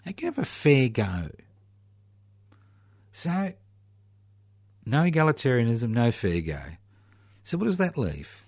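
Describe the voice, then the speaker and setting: A man's voice: mid-range voice, very animated, darkish tone, no room sound, clean studio sound. A man giving a sardonic political monologue full of rhetorical questions, leaning hard on key words. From Australia. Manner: sardonic, rhetorical questions, slow emphatic stresses.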